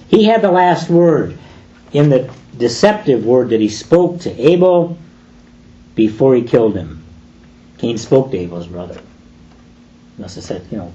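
A man's voice: mid-range voice, dark tone. A man preaching a sermon, emphatic and full of rhetorical questions, on a dull lo-fi recording.

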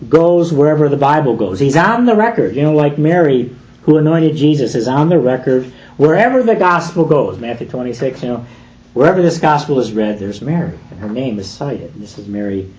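Animated, slow-preaching man. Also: on the high side, muffled recording. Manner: lively, emphatic, rhetorical questions. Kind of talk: sermon.

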